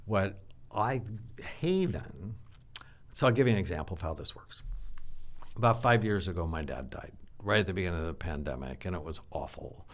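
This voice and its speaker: An older man, a psychiatrist, explaining and telling stories in an animated, teacherly way during an interview. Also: deep voice, moderate pace. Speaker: psychiatrist guest. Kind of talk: interview conversation.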